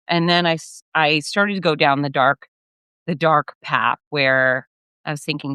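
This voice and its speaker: Middle-aged woman, podcast host, candid storytelling, bright forceful tone, dry close sound. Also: deep voice, moderate pace, clean tone, dry recording. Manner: candid, animated, blunt with mild swearing. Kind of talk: casual solo storytelling.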